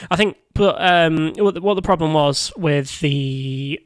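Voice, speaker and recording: A young man talks in a relaxed podcast chat, his voice sitting a little high for a man. He stumbles, repeats words and restarts sentences. The recording is dry and close, with no room echo. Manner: halting, repeats words and restarts, laughs easily. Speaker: podcast co-host. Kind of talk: casual chat.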